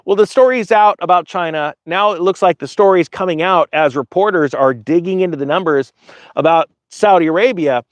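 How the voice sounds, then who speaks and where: A man's voice: sits high, brisk, no echo. A man hosting a finance channel, reading an article aloud and making casual, digressive, joking comments to viewers. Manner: animated, digressive, jokey asides to viewers.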